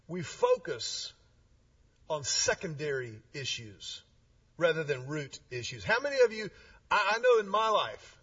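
Male pastor, animated sermon storyteller, high and lively. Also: slightly rough. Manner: animated, conversational, with restarts and asides. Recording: slightly distant, dull sound.

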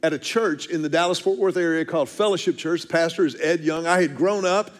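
A man's voice: fairly high pitch, fairly quick. A man, preaching a storytelling sermon with earnest, self-deprecating humor and frequent restarts. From Texas, USA. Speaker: pastor.

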